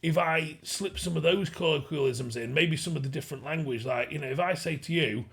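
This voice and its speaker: A man's voice: fairly high pitch, brisk, vocal fry, a bit bright. A man from England hosting a podcast, chatting casually and thinking aloud. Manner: chatty, thoughtful, talks over others. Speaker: podcast host. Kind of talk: casual chat.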